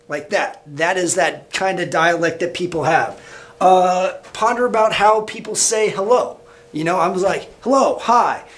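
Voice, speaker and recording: A high-voiced man with a Midwestern American accent talks a class through his slides. His delivery is loose and casual, with plenty of fillers and restarts, like a high school teacher recording a lecture.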